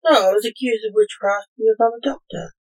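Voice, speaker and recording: A woman's voice: a little high, a little fast, rough recording. A woman voicing a worried, puzzled doctor accused of witchcraft in a read-aloud story.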